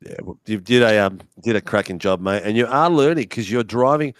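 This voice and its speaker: A man's voice: lowish voice, animated, no echo. A man hosting a race broadcast, interviewing drivers in a chatty, matey way. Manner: chatty, matey, drawn-out phrasing. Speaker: broadcast host. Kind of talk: casual post-race interview.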